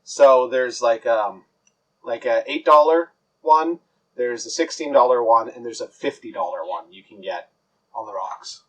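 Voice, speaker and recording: A man's voice: mid-range voice, a little slow, rough recording. A man narrating as game master, rambling with lots of fillers and restarts.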